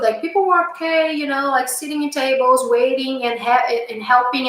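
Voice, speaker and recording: High-voiced woman in an echoey room. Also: fairly bright tone. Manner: hesitant, lots of fillers and restarts, earnest. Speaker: channel host recounting a past-life memory. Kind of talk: casual storytelling.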